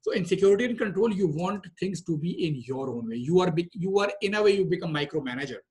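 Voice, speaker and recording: A man's voice: sits high, lively intonation, quick pace, a little mellow, breathy edge. A man teaching a lesson on emotional drives in a conversational way, with many fillers and restarts. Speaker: trainer. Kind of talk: lecture on group dynamics.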